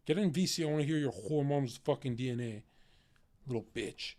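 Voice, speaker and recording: A man's voice: medium pitch, a little fast, a little mellow, no echo. A man hosting a livestream, talking casually, swearing a lot and taunting his chat. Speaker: livestream host.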